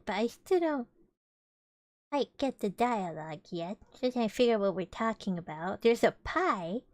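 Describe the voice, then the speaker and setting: A woman's voice: a little high, no echo. A woman streamer reading a children's book aloud with chatty, playful asides to her viewers. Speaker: vtuber streamer.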